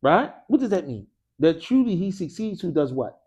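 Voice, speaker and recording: Man, energetic grammar teacher in a mosque classroom, slightly high voice, quizzing call-and-response style, casual slang. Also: moderate pace, breathy edge, highs cut off. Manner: energetic, quizzes students with frequent "what?" prompts. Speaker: Arabic teacher.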